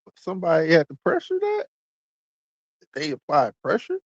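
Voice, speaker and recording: A man's voice: on the high side, wildly swooping pitch, normal speed, dry recording, lo-fi sound. A man giving reaction commentary, calling out a streamer.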